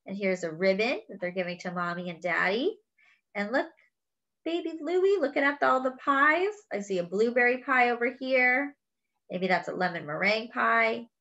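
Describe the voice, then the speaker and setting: A woman reading a picture book aloud to children, expressive and exclaiming over the pictures. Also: medium pitch, lo-fi sound. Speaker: children's story reader. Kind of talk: read-aloud storytelling.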